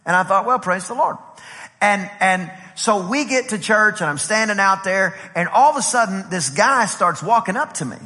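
A male pastor preaching at a conference, telling a lively story and acting out the dialogue. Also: high-pitched, moderate pace. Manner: animated, acts out dialogue with voices and laughs. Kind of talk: storytelling sermon. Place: large conference hall. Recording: long hall reverb.

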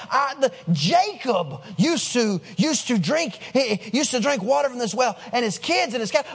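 A man's voice: extremely high pitch, very animated, normal speed, breathy edge. A man preaching a sermon as pastor, in a conversational way, putting questions to the congregation and restarting his words.

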